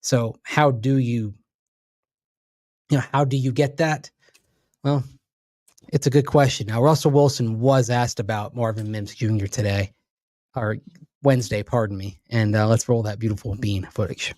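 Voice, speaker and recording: A man's voice: medium pitch, steady tone, normal speed, pauses often, a little mellow, dry recording, clean studio sound. A man co-hosting a sports radio show, breaking down the team in an analytical, emphatic way. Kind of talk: casual sports talk.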